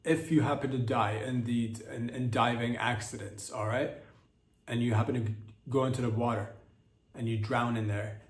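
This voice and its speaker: Male podcast comic, rambling and crude, mid-pitched, roomy echo. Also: fairly even intonation, moderate pace. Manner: rambling, crude, many fillers and restarts. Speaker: podcast host. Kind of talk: rambling comedic monologue.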